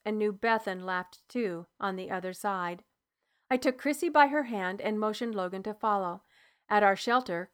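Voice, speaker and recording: A woman narrating an audiobook in the first person, measured and soft, dropping low at dialogue tags. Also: clear, resonant tone.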